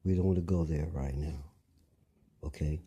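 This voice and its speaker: A man's voice: very deep voice, fairly even intonation, normal speed, mellow, slight background noise. A man delivering a rambling monologue, lecturing listeners, repeating phrases and asking them pointed questions.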